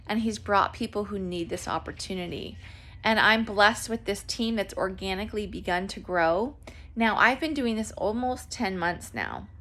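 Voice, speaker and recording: An earnest woman talks to her camera at home, chatty and full of fillers and restarts. Her pitch climbs high and lively when she gets emotional about her home business. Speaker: network marketing distributor. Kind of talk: casual talk to camera. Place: at home with children nearby.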